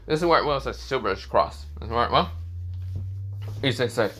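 A man's voice: mid-range voice, lively intonation, fairly quick, a bit bright, slightly rough. A man casually narrating a fan-made story, rambling with lots of filler words and restarts.

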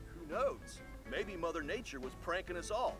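A man's voice: high-pitched, lively intonation, normal speed, over music. An actor voicing an upbeat male TV news anchor reading a promo in a video game.

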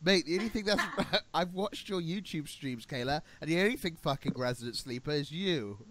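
A man's voice: on the high side, lively intonation, brisk, noisy background. Crude, teasing Australian male streamer. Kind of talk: casual streamer banter.

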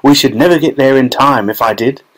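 A man voicing an eccentric, brisk male chocolate maker who talks quickly and with gleeful rudeness in an audiobook. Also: medium pitch, close to an everyday voice, poor audio. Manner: quick, bossy, gleefully rude.

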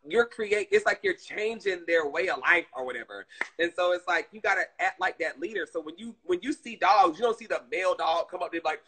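A woman chatting casually on her live stream, animated and swearing freely, calling her viewers "girl". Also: lowish voice, breathy edge, low-quality recording.

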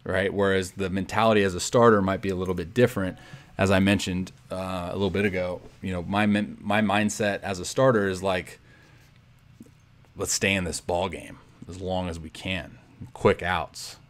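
Low, smooth-voiced young man. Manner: laid-back, rambling, full of "like" and "you know". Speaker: pro baseball pitcher. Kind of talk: casual breakdown of game footage.

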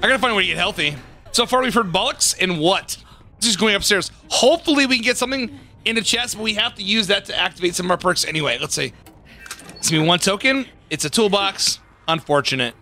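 A man giving casual, excitable gameplay commentary as a gaming YouTuber, swearing and laughing often. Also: high-pitched, fast.

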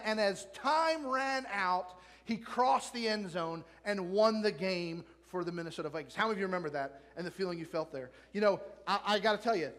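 A male pastor preaching a sermon in a lively way, asking the congregation questions and joking with them. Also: sits high. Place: church sanctuary. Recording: long church reverb.

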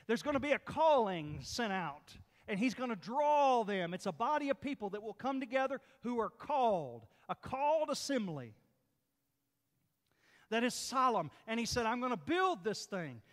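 Preacher man, lively swooping voice, pounding the points over and over, church hall echo. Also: very high-pitched, normal speed. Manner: emphatic, repetitive preaching with rising and falling force. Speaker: pastor. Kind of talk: sermon. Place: church sanctuary.

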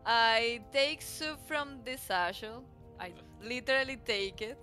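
A woman's voice: a little high, slow, music in the background. A woman playing a tabletop role-playing game, laughing often and restarting her sentences. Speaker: player. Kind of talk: casual play over voice chat.

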